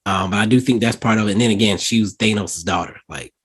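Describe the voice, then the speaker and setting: A man's voice: lowish voice, quick pace, slightly rough. A man co-hosting a podcast, chatting casually and acting out movie moments as he retells them. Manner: animated storytelling, acts out lines in quotes. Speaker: podcast co-host. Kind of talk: casual chat.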